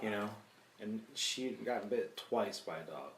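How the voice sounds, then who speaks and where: A man's voice: on the low side, lively intonation, a little slow, slight background noise. A man in his thirties, a podcast host, telling a profane story in casual chat. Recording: echoey room, mic at a distance.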